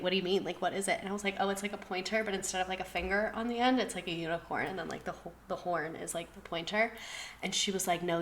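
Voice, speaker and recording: A woman in her twenties hosting a casual live stream, talking very fast and gasping for air between phrases. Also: on the low side, a bit bright, a little hiss or hum, low-quality recording. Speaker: streamer host. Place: home streaming setup.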